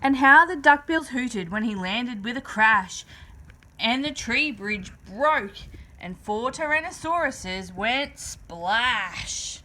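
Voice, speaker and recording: A woman reads a rhyming children's picture book aloud. Her voice sits somewhat high and bright, and she bounces through the rhythm with an animated, swooping delivery. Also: takes it slowly, poor audio. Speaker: storyteller.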